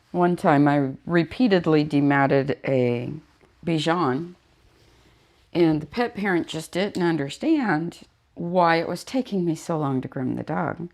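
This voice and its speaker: A woman's voice: sits low, lively intonation, takes it slowly, long pauses, darkish tone. A woman dog groomer chatting casually while she works, telling stories and acting out her clients. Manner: chatty storytelling, acts out clients in quotes.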